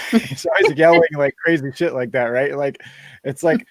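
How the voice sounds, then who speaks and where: A man's voice: fairly high pitch, normal speed, no echo. A man hosting a live-stream Q&A in casual chat, rambling through asides and laughing often. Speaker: band member hosting a live Q&A.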